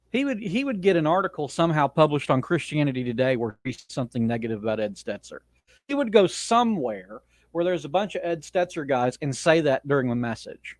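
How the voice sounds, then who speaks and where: Male podcast host, solo rant, blunt and opinionated, slightly high voice, dry close sound. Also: no echo. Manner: blunt, opinionated, frequent restarts. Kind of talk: casual monologue rant.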